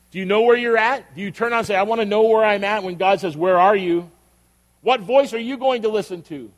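An older man, a pastor, preaching a sermon in a conversational storytelling way that builds to emphatic questions. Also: high-pitched. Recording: long reverb of a hall.

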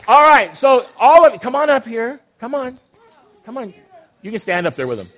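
A man's voice: high voice, very animated, fairly quick, fairly bright tone. A man leading a children's Christmas program on a church stage, upbeat and coaxing, teasing the kids as he goes. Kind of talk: lively emcee talk to children on a stage.

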